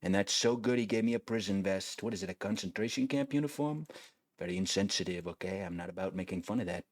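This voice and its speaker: A brash older politician boasts and tags his lines with "okay?", as a man puts on the impression over a video game. The voice sits fairly low and sounds close and dry. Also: fast talker, dry recording. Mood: boastful.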